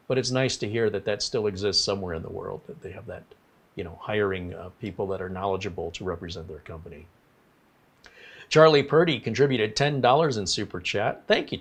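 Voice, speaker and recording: A man's voice: fairly low pitch, creaky. A man hosting a casual livestream, talking in a rambling, apologetic way and reading viewer comments aloud. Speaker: livestream host.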